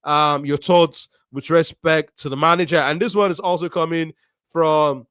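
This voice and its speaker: A man's voice: on the high side, steady tone, fairly bright tone, clean tone, dry recording. Dry-sounding man reading viewer comments. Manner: measured, with frequent ums and repeats. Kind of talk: live stream chat.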